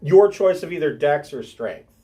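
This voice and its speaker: A man narrating as game master of a tabletop game, unhurried and often clearing his throat. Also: a little high, expressive, mellow.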